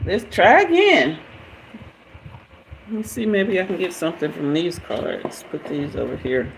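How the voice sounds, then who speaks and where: A woman runs a live tarot stream, talking straight to her viewers with a hyper, laughing energy. Her pitch swings widely while her delivery stays slow and drawn out. A faint noise sits under the voice. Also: big pitch swings, vocal fry, poor audio. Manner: hyper, laughing often, chatty, talks to viewers. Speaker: tarot reader.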